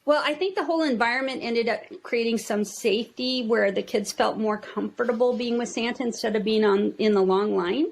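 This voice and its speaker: A woman with a Minnesota accent who owns a toy store tells stories in a casual interview, chatty and animated. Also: on the high side, fairly quick, creaky, hardly any pauses. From United States. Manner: chatty, acts out quotes in lively voices. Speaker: toy store owner, guest.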